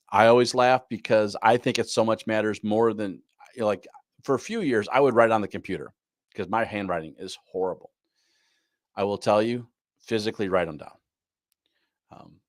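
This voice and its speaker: A man's voice: on the low side, moderate pace, long pauses, no room sound, clean studio sound. A man teaching a live online class on goal planning, repeating his key points and often asking "right?". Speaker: business coach.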